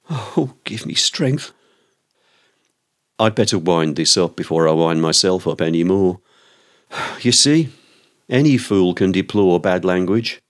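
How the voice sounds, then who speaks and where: An older man delivering an indignant, exasperated comic rant about the misuse of words, with a theatrical delivery. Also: low voice. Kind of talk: scripted comic rant on language.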